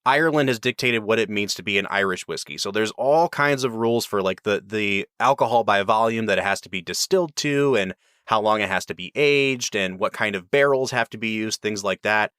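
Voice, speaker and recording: A man's voice: on the low side, fairly quick, hardly any pauses, fairly bright tone, clean tone, no echo, studio quality. A man hosting a podcast, explaining things at length in a casual, enthusiastic way. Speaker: podcast host.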